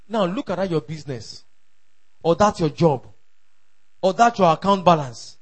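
High-voiced emphatic pastor. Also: male voice, animated, normal speed, long pauses. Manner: emphatic, repeats lines for the crowd to echo, shouts at peaks. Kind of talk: sermon.

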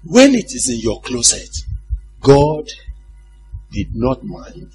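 A man preaching a sermon in an animated, humorous way, often asking the congregation if they follow him. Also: high-pitched, slow, gravelly, noisy background.

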